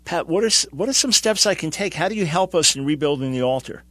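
A man's voice: a little high, expressive, fast, sharp tone, dry recording. A man hosting a radio talk show, interviewing a guest and encouraging listeners directly.

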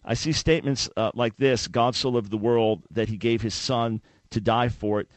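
A man hosting a radio debate with a caller, talking fast and often restarting his words as he jumps in. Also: medium pitch, dry recording. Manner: interjecting, repeats words when starting a thought. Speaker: radio show host.

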